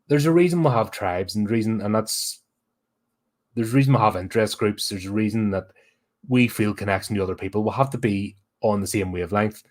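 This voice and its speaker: A man's voice: on the low side, a little fast. A man hosting a horror podcast, giving a blunt, sweary and exasperated casual film review.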